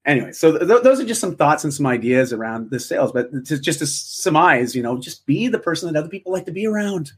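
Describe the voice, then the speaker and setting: A man's voice: a little high, big pitch swings, quick pace, hardly any pauses, slightly rough. A man being interviewed, speaking in a reflective, encouraging way with frequent restarts. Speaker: interview guest. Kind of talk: casual interview chat.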